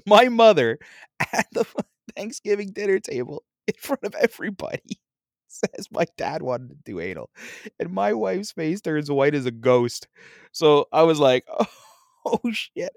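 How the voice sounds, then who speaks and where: A man's voice: a little high, big pitch swings, a little slow, gravelly, no echo, clean studio sound. A man in his thirties casually telling a long family story, acting out his relatives and laughing often. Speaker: storyteller guest. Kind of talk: casual chat.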